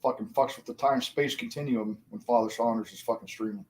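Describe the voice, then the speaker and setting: A man's voice: mid-range voice, fast talker, a little mellow. A man in his forties chatting casually to viewers on a livestream, rambling and swearing constantly. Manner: rambling, addresses viewers directly. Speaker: live streamer.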